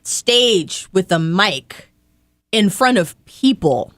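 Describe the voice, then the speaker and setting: Here is a young woman in relaxed interview talk. She is lively and playful, and she jumps into comic asides and mock voices as she tells her story. Her voice sits in a medium register and sounds dry and close to the mic. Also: mid-range voice, takes it slowly, dry recording. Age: young adult. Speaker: podcast guest. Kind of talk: casual interview chat.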